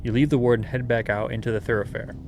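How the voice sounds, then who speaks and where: A man reads a gamebook aloud at an even, steady pace and breaks off now and then for chatty asides. His voice sits in a middle pitch for a man, with faint music playing underneath. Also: fast talker. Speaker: host and gamebook narrator. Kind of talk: reading a gamebook aloud with chat.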